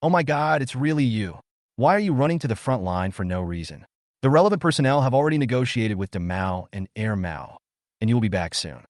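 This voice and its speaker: A man's voice: mid-range voice, animated, fairly quick, darkish tone, no echo, studio quality, lightly acted. A man voicing a stern young female military radio correspondent, speaking in an emphatic, scolding way.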